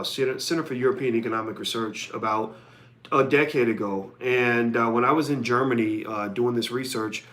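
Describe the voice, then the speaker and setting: A man's voice: mid-range voice, a bit bright. Man hosting a live podcast. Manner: conversational, reads viewer comments. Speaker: podcast host.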